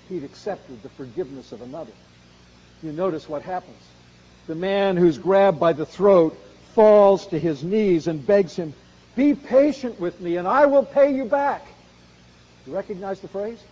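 A man preaching a sermon on a Bible passage, earnest, rising to loud emphasis and then dropping low. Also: muffled recording. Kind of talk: expository sermon.

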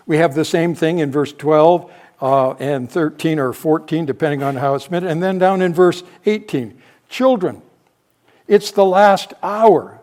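An older man's somewhat high, darkish voice at normal speed carries his expository Bible teaching, as he reasons aloud and keeps restarting and correcting himself.

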